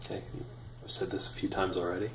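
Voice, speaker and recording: A man in his thirties telling a personal story in a casual, animated, self-deprecating way with many fillers. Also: deep voice, fast, gravelly, reverberant, slight background noise, poor audio. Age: 30s. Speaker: vlogger.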